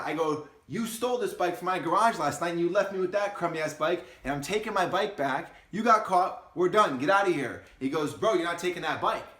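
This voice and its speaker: A young man with a slightly high voice tells a story in an animated, excitable way, swearing freely. The sound is roomy, with noticeable echo around him. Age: young adult. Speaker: vlogger and insurance agency owner. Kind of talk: casual storytelling to camera.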